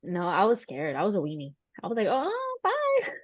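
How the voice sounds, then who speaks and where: A woman's voice: fairly low pitch, quick pace, slightly rough, no room sound, dull audio. A woman podcast co-host telling a family story in casual chat, acting out the voices of the people in it. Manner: animated, acts out quoted voices.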